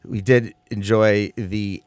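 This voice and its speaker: A man's voice: on the low side, steady tone, takes it slowly, clean tone, no room sound. A man in his forties, a comedy podcast co-host, telling profane stories in casual chat. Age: 40s. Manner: profane, storytelling, shouts impressions.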